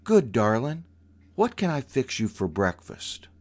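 A man voicing an elegant, genteel Southern aunt who is syrupy and coaxing, then firm and commanding in slow, stern words. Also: mid-range voice, very animated, voice pushed up. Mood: sweetly coaxing. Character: elegant genteel Southern aunt, sweet but steely, woman.

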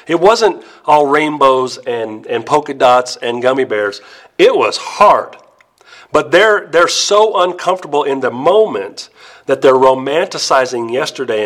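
Pastor man preaching, storytelling, slows right down and goes quiet to hit the big points, average-pitched voice. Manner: emphatic storytelling, slows and drops soft for emphasis. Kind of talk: sermon.

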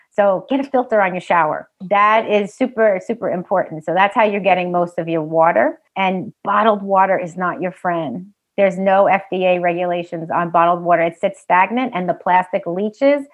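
A woman with a New York accent appears as a health specialist guest on a casual podcast interview, offering brisk, emphatic advice. Her voice is medium in pitch, and the audio sounds dull.

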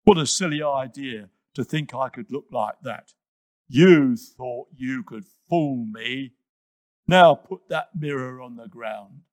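A man voicing a vain, touchy male hippopotamus in a children's story, speaking slowly and indignantly. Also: medium pitch, lively intonation, darkish tone, no echo. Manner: sulky, indignant, slow and emphatic.

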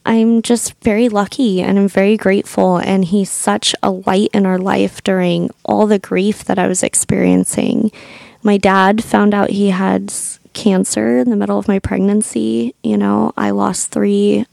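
A woman's voice: mid-range voice, little pitch movement, a little slow, creaky, darkish tone, no echo, studio quality. A woman in her thirties, a podcast host and doula, telling her own birth story in a candid, emotional way that includes swearing.

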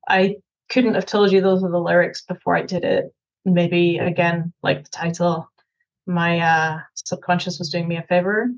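A Scottish woman, a film director, answering interview questions thoughtfully with many pauses and restarts. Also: lowish voice, highs cut off.

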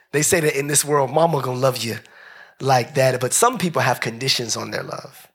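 A man preaching a lively sermon, joking with the congregation, dropping into slow low phrases and rising into high shouts. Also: slightly rough. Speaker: pastor.

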